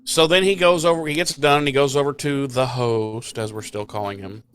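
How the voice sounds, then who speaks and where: A man's voice: mid-range voice, steady tone, fairly quick, a bit bright, clean tone. A man co-hosting a podcast, chatting casually and heatedly, swearing a lot and acting out the characters' lines. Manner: profane, heated, acts out characters. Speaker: podcast co-host. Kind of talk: casual recap chat.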